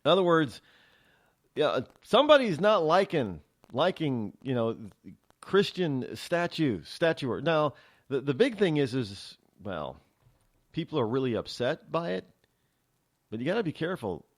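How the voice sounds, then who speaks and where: A man's voice: a little high, big pitch swings, a little slow. A man hosting a talk show, delivering a rambling, sarcastic opinion monologue with many restarts. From New England.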